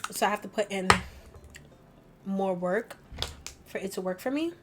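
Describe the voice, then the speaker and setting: Amid heavy background noise, a young woman does a get-ready-with-me makeup tutorial at normal speed in a medium-pitched voice. This beauty vlogger is chatty and rambling, drops "like" all the time, and laughs at herself as she goes.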